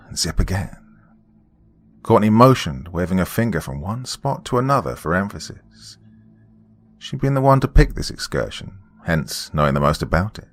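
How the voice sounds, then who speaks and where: Low-voiced guy narrating a scary story, measured, goes hushed at the tense bits. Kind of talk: scripted horror story narration.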